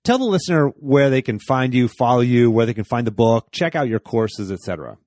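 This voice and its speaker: A man's voice: medium pitch, lively intonation, brisk, a little mellow, no echo, clean studio sound. A man hosting an interview podcast, encouraging his guest and giving brief affirmations. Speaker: podcast host. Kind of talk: interview host.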